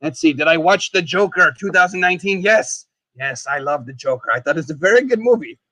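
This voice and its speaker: Man, live stream host, excitable, high voice, dry close sound. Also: brisk, no room sound. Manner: excitable, keeps exclaiming, calls himself the dead skeleton in third person. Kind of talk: casual live stream chat while eating.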